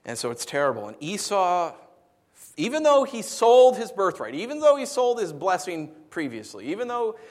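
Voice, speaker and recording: Animated conversational pastor, a man. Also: sits high, moderate pace. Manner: animated, conversational, repeats words when restarting. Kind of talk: sermon.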